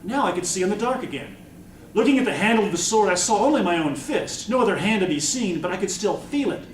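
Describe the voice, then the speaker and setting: A man's voice: high-pitched, fast, slight background noise. A male author reading his novel aloud at a convention, recorded from a distance in an echoey room. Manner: expressive first-person narration. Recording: echoey room, mic from far off.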